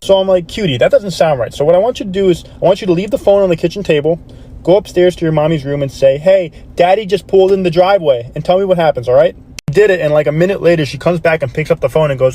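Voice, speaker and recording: Guy telling funny stories real fast, voicing everyone in them. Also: fairly high pitch. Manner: quick, animated joke delivery with voiced quotes. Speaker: storyteller. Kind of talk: comedic anecdote storytelling.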